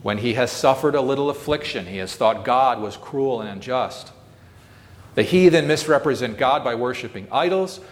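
A man's voice: mid-range voice, lively intonation, normal speed, in a large hall. A man delivering a sermon in an earnest, solemn way, rising to emphatic swells. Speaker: preacher. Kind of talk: sermon reading.

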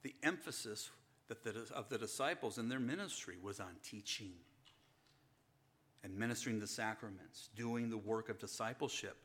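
A man's voice: lowish voice, normal speed, a bit bright. A man preaching a sermon to his congregation, calling them saints and asking and answering his own questions. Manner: preaching, asks and answers rhetorical questions, rises to emphatic passages; addresses listeners as saints. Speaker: pastor.

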